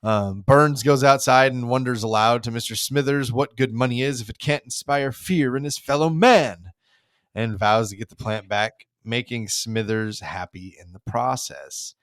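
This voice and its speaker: A man's voice: medium pitch, normal speed, a bit bright, dry recording, clean studio sound. A man co-hosting a podcast, recapping a cartoon episode in a rambling, casual way full of fillers. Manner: rambling, filler-heavy retelling. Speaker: podcast co-host.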